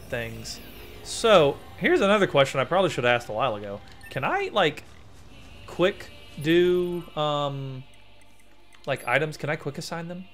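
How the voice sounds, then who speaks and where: Animated chatty male game streamer. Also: mid-range voice. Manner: chatty, rambling, excitable. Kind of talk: let's play commentary. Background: faint game music.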